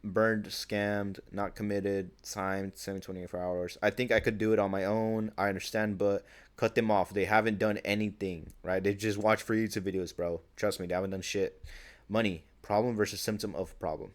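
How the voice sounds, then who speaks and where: An eighteen-year-old guy talks to his camera in a loose, slangy vent, dropping "bro" and curse words everywhere. His voice sits a little low, and he acts out other people's lines in quick quoted bits. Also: flat delivery. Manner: casual slangy talk, says bro a lot, swears freely. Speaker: vlogger. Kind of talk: casual venting monologue.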